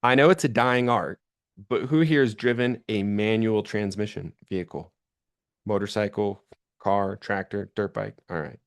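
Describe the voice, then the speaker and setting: A man's voice: fairly low pitch, normal speed, smooth. A young man giving a sales training talk to an audience, telling stories and acting out the people he quotes. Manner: animated storytelling, acts out quoted voices.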